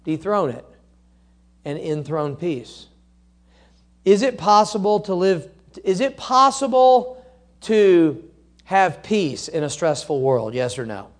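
A man's voice: high-pitched, big pitch swings, takes it slowly, long pauses. A man preaching a sermon, quoting scripture and driving his points home with emphatic, rising repetition. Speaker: pastor.

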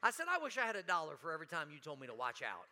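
A man preaching a sermon in a church, animated, breaking into sudden shouts and dramatic quoted lines. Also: fairly high pitch, racing. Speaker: pastor. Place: church sanctuary.

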